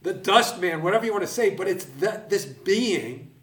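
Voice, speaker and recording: A man's voice: high voice, animated, a bit bright. A man teaching a Bible class to a live audience, carefully explaining the meaning of words one at a time. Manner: deliberate, explaining word by word. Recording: roomy, recorded from a distance.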